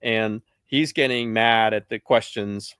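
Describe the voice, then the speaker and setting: Man telling animated stories, bright dry voice. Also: lowish voice, slow, clean tone, no echo. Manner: animated, laughing anecdotes with quoted asides. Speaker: sports columnist guest. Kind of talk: casual podcast storytelling.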